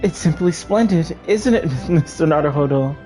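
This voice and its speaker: A man's voice: fairly high pitch, animated, moderate pace, warm tone, pitched above the performer's own voice, natural voice, poor audio. A man voicing a polite young Japanese woman assistant, speaking formally and courteously. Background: game music.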